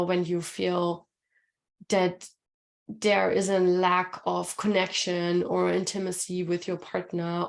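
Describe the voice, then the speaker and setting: Chatty woman with a gravelly voice. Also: on the low side. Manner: casual and chatty, many fillers, reads chat comments aloud. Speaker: relationship coach hosting a webinar. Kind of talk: live webinar talk.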